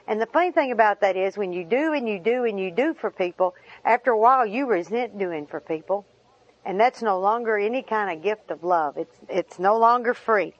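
A woman's voice: a little high, dry recording. A woman giving a personal testimony talk to a group, folksy and wry with self-deprecating humor. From Arkansas. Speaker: speaker sharing her story with a group. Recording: dull lo-fi recording.

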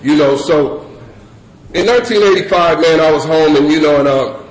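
Rambling male storyteller in echoey hall. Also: moderate pace. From California. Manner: loose rambling storyteller, many fillers, breaks into high laughing voice. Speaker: speaker sharing recovery story. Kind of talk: storytelling talk to a crowd. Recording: echoey room with crowd noise.

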